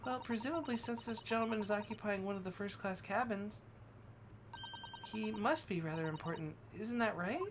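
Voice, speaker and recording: A man's voice: normal speed, lightly acted. A man voicing a polite, formal young woman assistant, raising his voice for her. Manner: raised, polite falsetto-ish delivery. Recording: noisy background hiss.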